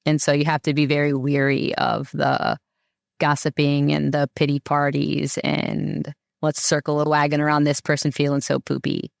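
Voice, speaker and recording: A woman's voice: sits low, completely flat delivery, normal speed, creaky, dry recording, clean studio sound. A woman speaking as a podcast guest, giving casual advice in a rambling way with many fillers. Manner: rambling, filler-heavy talk. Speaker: podcast guest, mother and herbal maker.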